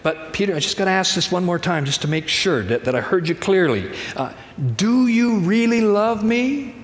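A man voicing a patient teacher who questions a disciple calmly and insistently, in a reverberant church hall. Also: high-pitched, moderate pace, pitched above the performer's own voice. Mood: pressing. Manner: calm, gently insistent.

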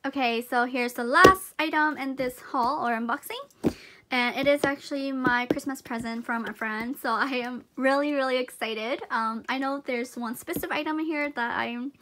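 Bubbly high-voiced woman unboxing gifts. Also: normal speed, a little hiss or hum. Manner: excitable, gushing, frequent gasps and giggles. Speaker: unboxing vlogger. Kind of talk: casual unboxing chat.

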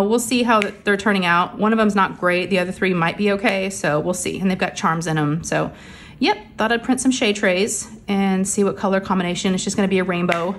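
Woman, middle-aged, chatty home crafting vlogger; rambling, a bit short of breath, soft hum behind her. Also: medium pitch. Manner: chatty, rambling, many fillers. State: a little out of breath, under the weather. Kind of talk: casual chat while crafting. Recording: faint background hum of printers.

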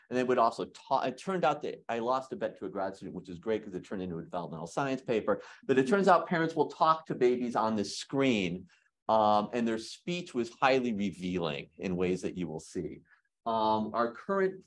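A man giving an academic lecture in a hall, lively and joking with his audience. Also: medium pitch.

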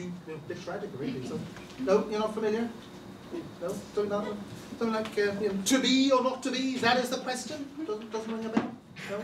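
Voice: medium pitch, lightly acted. Performer playing a stammering box-office attendant. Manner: stammering, gossipy, with many false starts. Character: fussy, chatty theatre box-office attendant greeting arrivals. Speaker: comedy sketch performer. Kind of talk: live stage sketch. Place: village hall stage. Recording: echoey hall miked from far, audience noise.

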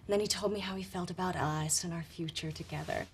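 A woman acting in a sitcom as a heartbroken young woman who speaks softly and tearfully. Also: fairly low pitch, fairly even intonation, fast, heavy background noise, close to an everyday voice.

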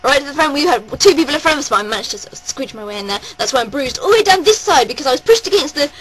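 A woman vlogging at home, gushing and rambling in a breathless, excited rush. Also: high voice, very fast, rough recording. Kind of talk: excited personal vlog. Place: at home indoors.

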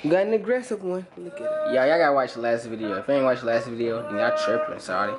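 A man's voice: medium pitch, fast talker, heavy background noise. A young man filming a casual vlog outdoors at a youth football game, joking and hyping the camera in slangy talk. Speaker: vlogger.

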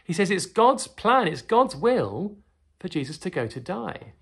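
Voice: medium pitch, sing-song, a little slow, slightly rough. A children's teacher telling and reading a Bible story, often asking the children tag questions.

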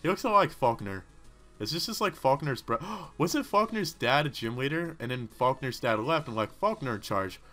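A man giving rambling, excitable gaming commentary, talking back to the characters on screen. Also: medium pitch, moderate pace, faint music behind. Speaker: let's play host.

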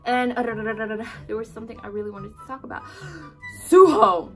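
A woman's voice: on the high side, little pitch movement, faint music behind. Gushing, squealing young woman. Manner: gushing, squealing, drawn-out exclamations. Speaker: video reaction host. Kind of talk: excited casual reaction commentary.

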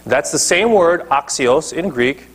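Male pastor mid-sermon, emphatic, keeps checking in with the congregation; husky tone. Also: fairly high pitch, animated, a little slow, a bit bright. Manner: emphatic preaching, checks in with listeners. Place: church.

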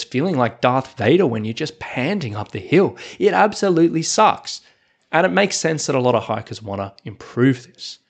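Upbeat gravelly podcast host. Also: male voice, medium pitch. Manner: upbeat, conversational, lively rises and falls. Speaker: podcast host and hiking coach. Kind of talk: solo podcast monologue.

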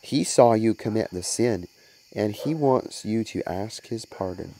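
Storybook mother, read by a man: gentle, earnest, firm, unhurried. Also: lowish voice, slight background noise, rough recording. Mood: tender.

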